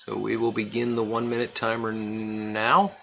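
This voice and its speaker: A man's voice: on the low side, monotone, moderate pace, gravelly, sharp tone, slight background noise, rough recording. A man hosting a casual live-stream charity auction, chatting and reading out bidders and their bids. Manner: chatty, reads out bidders and amounts. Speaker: livestream charity auction host.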